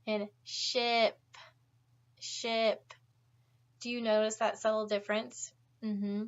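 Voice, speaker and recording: Woman teacher, slightly high voice, very slow deliberate drilling, encouraging; dull lo-fi recording. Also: fairly bright tone. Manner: encouraging, repeats words clearly for students. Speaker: pronunciation teacher.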